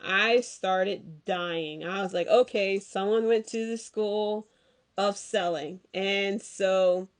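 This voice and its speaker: A woman hosting a casual podcast, talking slowly and unhurriedly. She rambles in a loose, slangy way, full of fillers and excited asides. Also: on the low side. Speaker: podcast host. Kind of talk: casual wrestling recap chat.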